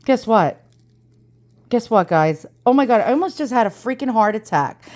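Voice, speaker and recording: A woman's voice: on the high side, animated, normal speed, a little mellow. A woman with an East Coast American accent, talking in a chatty and dramatic way in a casual unboxing vlog, swearing freely. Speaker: antiques reseller vlogger.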